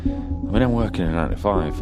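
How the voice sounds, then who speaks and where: A man's voice: sits low, quick pace, over loud music. A man rambling through a comic monologue, stammering and swearing a lot.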